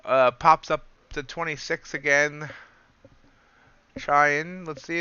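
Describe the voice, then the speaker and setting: A man's voice: on the high side, steady tone, slow, sharp tone, clear, resonant tone, dry recording, muffled recording. A man hosting a live trading stream, chatting casually and self-deprecatingly while calling out prices as they move. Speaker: livestream host and futures trader. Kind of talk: casual live market commentary.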